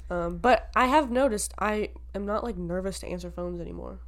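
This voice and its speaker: A woman in her twenties co-hosting a podcast in casual chat, animated and laughing often, swearing freely. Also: medium pitch, a little fast. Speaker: podcast co-host.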